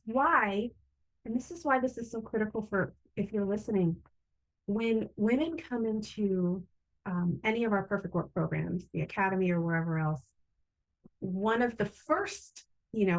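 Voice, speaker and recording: A woman's voice: mid-range voice, rough recording. A woman hosting an interview, giving short supportive affirmations and speaking about her programs for women. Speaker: summit host, program founder. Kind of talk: interview chat. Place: video call.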